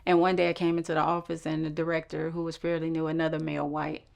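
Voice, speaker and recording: A woman's voice: level tone, fast talker, gravelly. A woman telling a personal story, acting out the quoted voices of the people in it. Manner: acts out quoted voices with shifts in pitch.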